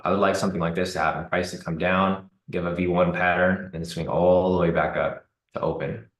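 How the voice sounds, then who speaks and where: A man giving relaxed live commentary on a trading chart, thinking aloud with fillers. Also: deep voice, brisk, echoey room, poor audio. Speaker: trading streamer.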